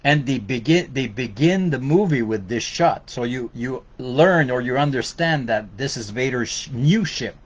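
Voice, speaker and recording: A man's voice: mid-range voice, expressive, a little slow, few pauses, husky, muffled recording. A man with a Québécois French accent, hosting a casual podcast and talking loosely with many fillers and restarts. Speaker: podcast host. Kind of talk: casual bilingual podcast chat.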